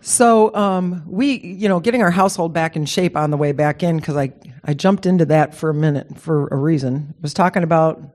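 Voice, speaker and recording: A woman telling a personal story in a casual, animated and emotional way, with rambling restarts. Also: deep voice, brisk. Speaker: speaker sharing a personal story.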